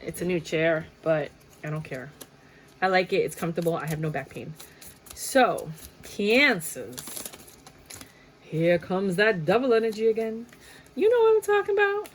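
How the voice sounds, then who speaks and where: A woman's voice: fairly low pitch, measured pace, long pauses, a little hiss or hum. A woman giving a casual tarot reading in a chatty way, often laughing and acting out little quotes. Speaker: tarot reader.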